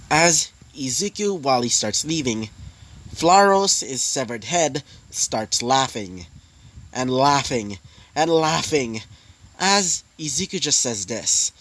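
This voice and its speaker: A man's voice: medium pitch, a bit bright, poor audio. A man narrating a fan story casually, rambling with many fillers.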